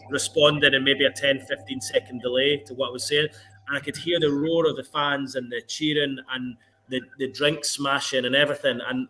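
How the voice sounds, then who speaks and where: A man's voice: mid-range voice, fairly bright tone, slight background noise. A male football reporter telling a long story in a casual interview and quoting himself as he goes.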